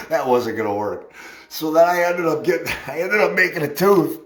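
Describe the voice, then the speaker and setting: A man's voice: a little high, expressive, moderate pace, roomy sound. A middle-aged man casually telling a rambling, self-mocking personal story, laughing often.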